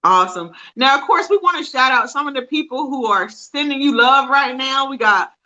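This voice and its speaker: Bright, upbeat woman host. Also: high-pitched, expressive, moderate pace, highs cut off. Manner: upbeat, reads out viewer comments. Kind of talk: live online interview.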